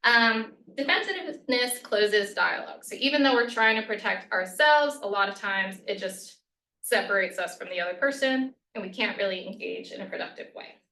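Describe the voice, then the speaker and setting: Bright-voiced woman presenting in an echoey room. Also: mid-range voice, expressive, normal speed, a little hiss or hum. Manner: conversational, frequent "right?" and "um", acts out sample phrases. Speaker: workshop presenter. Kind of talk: lunch-and-learn presentation. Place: college meeting room. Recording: echoey room, voice a bit far from the mic.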